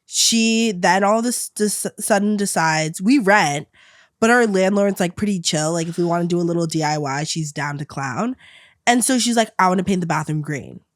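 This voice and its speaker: Dry, animated woman telling a story. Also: fairly low pitch, moderate pace, no room sound. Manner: animated, acts out quotes, frequent "like". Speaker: podcast guest. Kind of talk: casual storytelling chat. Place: podcast studio.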